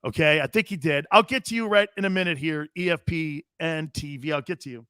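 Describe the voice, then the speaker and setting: A man from Connecticut hosting a sports talk show, rambling excitably, laughing often and talking in a casual way. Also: fairly high pitch, fairly quick, smooth, dry recording, clean studio sound. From Connecticut, United States.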